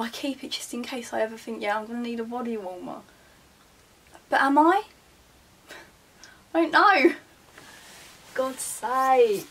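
A woman's voice: high voice, a bit bright, distant mic, a little hiss or hum. A young woman, talking casually as a vlogger while sorting her wardrobe, chatting and muttering asides to herself. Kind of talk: casual chat. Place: bedroom beside her wardrobe.

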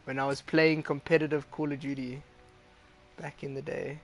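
A man's voice: medium pitch, little pitch movement, normal speed. A young man chatting casually while streaming a game, swearing loosely and laughing often. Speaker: gaming streamer.

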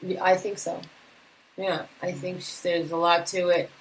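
A woman's voice: on the low side, little pitch movement, measured pace, a little hiss or hum, low-quality recording. A woman co-hosting a live talk show beside her husband, venting bluntly and indignantly. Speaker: co-host, host's wife. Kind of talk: casual live talk radio.

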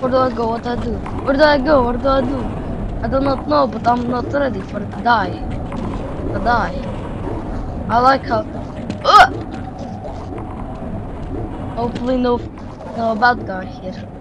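A woman commentating her gameplay live, excitable, swearing and shouting at enemies. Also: on the high side, moderate pace, lo-fi sound. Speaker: gameplay streamer. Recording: loud game noise behind voice.

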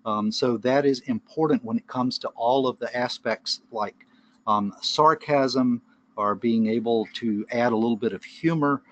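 A man's voice: mid-range voice, measured pace, fairly bright tone, dull audio. A man presenting a webinar lecture on the brain, explaining with analogies and casual asides. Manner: conversational, wanders into asides and analogies.

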